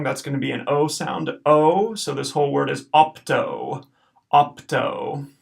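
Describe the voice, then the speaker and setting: A man teaching a recorded language lesson, patiently explaining and slowly repeating each word. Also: fairly high pitch, creaky, fairly bright tone. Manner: patient, encouraging, slows to repeat words. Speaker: Latin teacher.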